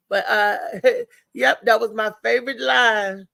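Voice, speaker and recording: A woman hosting a live morning show, chatting in a rambling, animated way, repeating herself and acting out what others said. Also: a little high, unhurried, creaky, no echo. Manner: rambling, animated retelling with many repeats and acted-out quotes. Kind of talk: casual live-stream commentary.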